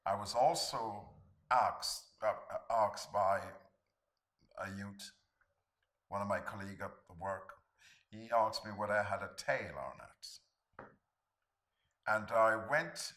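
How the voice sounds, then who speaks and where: A man's voice: fairly low pitch, takes it slowly, long pauses, fairly bright tone. A man telling plain-spoken, wry stories from his working life in an interview. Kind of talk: interview recollection.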